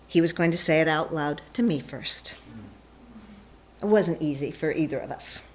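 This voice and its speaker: A woman telling a personal story onstage before a live audience, playful and self-mocking. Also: low-pitched.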